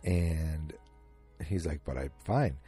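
A man with a deep, husky voice hosts a casual solo podcast. He talks in a loose, rambling way and keeps slipping in quoted lines and filler words. His tone is dark and mellow, with faint music underneath. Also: takes it slowly. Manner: rambling, retells scenes with quoted lines, many ums. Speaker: podcast host recapping a TV episode.

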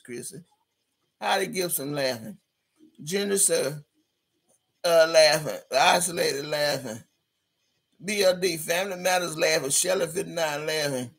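Gravelly, brash woman livestreamer. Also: low-pitched, unhurried, long pauses. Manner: brash, profane and laughing. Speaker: livestream host. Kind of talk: reading live chat comments aloud.

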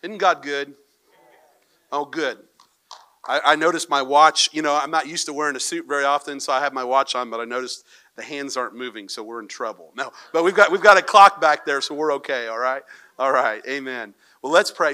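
A man preaching a church sermon as pastor, telling a joke with lively storytelling and then reading scripture aloud. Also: mid-range voice, a little fast. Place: church sanctuary with congregation.

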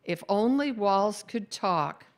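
A woman voicing a bossy, cheerful female ghost who likes to meddle, in a brisk, upbeat way. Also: medium pitch, lively intonation.

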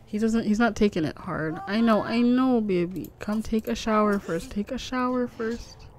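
A woman's voice: medium pitch, normal speed, a little mellow, slight background noise. A young woman giving casual, rambling commentary on a life-simulation game, giggling and cooing at the pets. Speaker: gaming YouTuber. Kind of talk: casual let's-play commentary. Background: faint background music.

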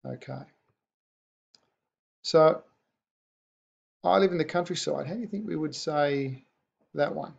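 Gravelly man teaching a patient online lesson. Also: a little high. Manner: patient, repeats new words slowly. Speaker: language teacher. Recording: dull lo-fi recording.

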